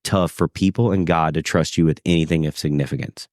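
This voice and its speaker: A deep-voiced podcast guest tells animated stories a little fast, recorded dry with clean studio sound. His casual, conversational storytelling includes acting out the voices of people he quotes.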